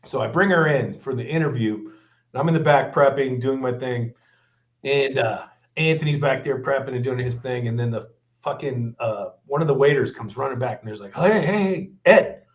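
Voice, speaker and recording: A middle-aged man swapping kitchen war stories in loose, casual conversation. He swears constantly and slips into the voices of the chefs he remembers, keeping the talk lively. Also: medium pitch, fairly quick. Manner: profane, animated, acts out quoted chefs. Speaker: guest chef.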